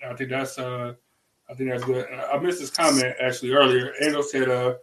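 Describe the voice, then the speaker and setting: A man's voice: medium pitch, little pitch movement, brisk, slight background noise, rough recording. A man hosting a casual chat who talks emphatically, laughs often and repeats his words. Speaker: podcast host.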